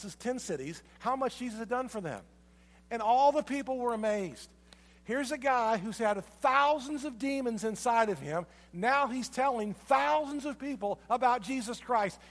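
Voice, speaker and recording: A pastor delivering a sermon, retelling a story with emphatic repetition. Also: male voice, high voice, lively intonation, moderate pace, long reverb tail.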